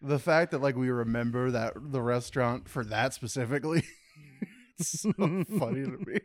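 A man's voice: medium pitch, moderate pace, no echo. A man co-hosting a casual movie podcast, laid-back, with dry jokes and a lot of "like". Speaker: podcast co-host. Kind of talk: casual movie-news chat.

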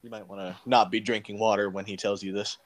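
A man's voice: on the low side, flat delivery, quick pace. A man hosting a podcast, chatting casually and laughing as he tells stories. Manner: laughs through his own stories. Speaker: podcast host. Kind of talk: casual chat.

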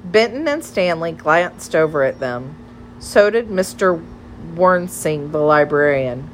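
Slow, low-voiced woman narrating a story. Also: lively intonation, slight background noise. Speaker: audiobook narrator.

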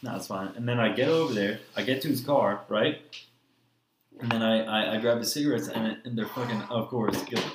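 A man's voice: fairly low pitch, a little fast, echoey room, noisy background. A young man hosting a podcast, telling a long story in casual chat, swearing often and wandering between tangents. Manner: profane, rambling storytelling. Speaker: podcast host.

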